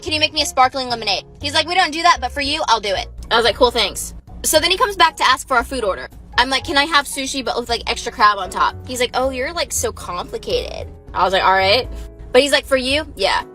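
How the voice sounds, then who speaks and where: Brief: young adult woman, bright high voice, chatty storytime delivery, faint music underneath. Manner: chatty and animated, full of "like". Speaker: TikTok creator. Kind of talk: casual storytime monologue.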